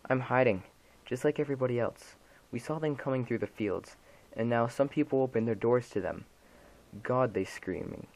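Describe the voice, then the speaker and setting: A man's voice: medium pitch, moderate pace, darkish tone, voice pushed up, lightly acted, poor audio. A man voicing a terrified, panicked woman caller in a dramatic reading of a horror story, pleading and sobbing. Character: terrified middle-aged woman caller hiding.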